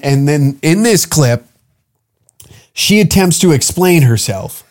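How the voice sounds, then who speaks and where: A man's voice: medium pitch, darkish tone. Exasperated, profane male podcast host. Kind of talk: comedic podcast rant.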